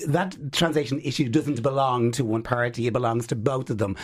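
A man's voice: medium pitch, fairly even intonation, fairly quick, slightly rough. An Irish man chatting on an advice panel, rambling and loose with plenty of fillers. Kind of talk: casual radio chat.

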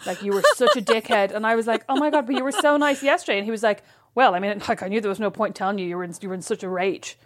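A woman's voice: medium pitch, rapid-fire. Frank, swearing woman telling a story. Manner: frank, expressive storyteller who swears casually. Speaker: podcast co-host. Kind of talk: casual chat.

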